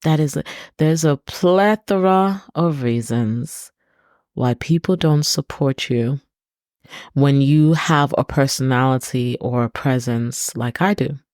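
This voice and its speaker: A woman's voice: a bass voice, slow, a little mellow, dry recording, clean studio sound. A woman hosting her own podcast, speaking earnestly in a personal, reflective monologue and repeating words for emphasis. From Britain. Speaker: podcast host.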